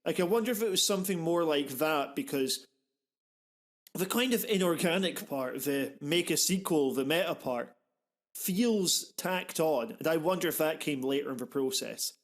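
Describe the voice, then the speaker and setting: A man with a fairly high voice talks films on a podcast, rambling from one thought to the next. He gets animated and swears casually, and he fills the gaps with quick restarts. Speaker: podcast host. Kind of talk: casual film discussion.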